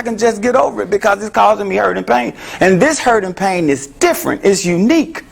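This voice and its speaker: A man's voice: high voice, animated, brisk, creaky. A man giving an interactive health talk to a live audience, joking and asking the room questions. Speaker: mental health speaker.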